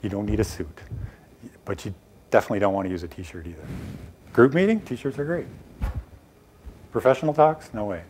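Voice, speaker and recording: A middle-aged man speaking to a small room in a fairly low voice. He gives blunt, emphatic advice in a conversational way, tossing in quick asides as he goes. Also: expressive, a little mellow, a little hiss or hum. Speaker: presenter giving a workshop on scientific talks. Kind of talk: live lecture to a small audience.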